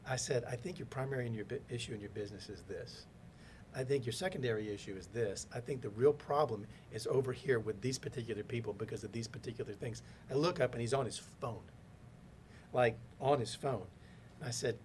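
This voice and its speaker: A man's voice: mid-range voice, fairly quick, a little hiss or hum. A man telling business stories in a casual podcast interview, acting out the people he quotes. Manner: animated storyteller acting out quoted voices. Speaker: podcast guest, business consultant.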